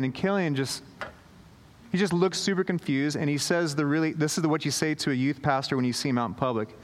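Lively male pastor in a reverberant hall. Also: fairly high pitch. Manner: animated, acts out quoted voices, many fillers and restarts. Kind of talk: sermon storytelling.

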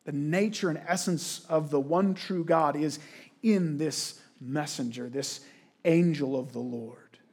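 A man's voice: fairly high pitch, a little slow, darkish tone, breathy edge. A pastor preaching a conversational sermon, posing questions to his listeners and often restarting his words. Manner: frequent restarts and repeated words.

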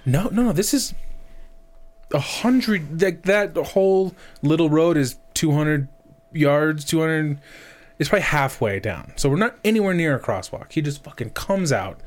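A man's voice: on the high side, expressive, measured pace. A man in his thirties, a podcast co-host, telling a story in casual chat, swearing and restarting often.

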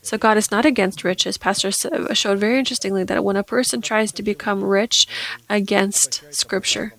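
Woman, sermon, monotone delivery, Scripture readings, loud emphatic bursts. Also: mid-range voice, normal speed, creaky, poor audio. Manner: earnest preaching with Scripture readings, rising loud at emphatic points. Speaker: preacher.

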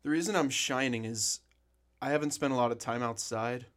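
A man co-hosting a podcast, easygoing and quick to laugh, with a dry sense of humor, in a small office. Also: mid-range voice, a bit bright. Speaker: podcast co-host. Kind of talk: casual chat.

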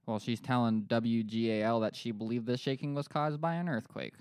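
Podcast co-host, man from Pennsylvania, joking, smooth clear voice, dry close sound. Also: medium pitch, steady tone, a little fast, darkish tone, dry recording. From Pennsylvania, USA. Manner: joking, reads news aloud. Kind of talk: casual podcast chat.

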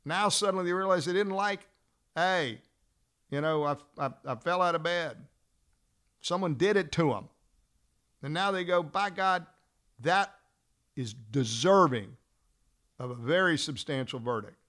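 Man, trial-lawyer instructor, fairly high voice; animated storyteller who slows for emphasis. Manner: acts out dialogue in a lively storytelling way. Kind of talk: storytelling lecture.

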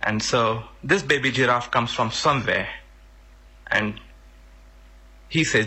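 A man shares a personal story in plain, earnest words, sometimes pausing to find the right phrase. His voice is bright and slightly husky. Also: medium pitch. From India. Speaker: workshop participant telling a personal story.

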